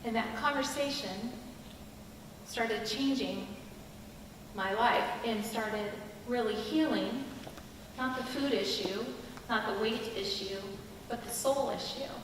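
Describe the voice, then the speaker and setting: A middle-aged woman giving an earnest, confiding personal testimony as a chapel speaker, with pauses and restarts. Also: on the high side, background noise. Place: school chapel hall. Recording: echoey hall from a distant mic.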